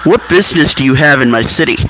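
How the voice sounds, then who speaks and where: A man's voice: a little high, quick pace, noisy background, natural voice. A man voicing a suspicious small-town male police officer who curtly repeats his demands, over background music. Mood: stern. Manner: curt, repeats his question flatly.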